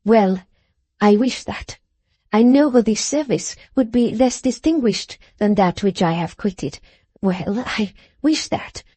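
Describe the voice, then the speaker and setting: A woman voicing an intense young French lady's maid in an audiobook, speaking in a low, subdued, earnest way with a French accent. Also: lively intonation, slow pace, mellow, husky, no echo. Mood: earnest pleading. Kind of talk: audiobook character voice.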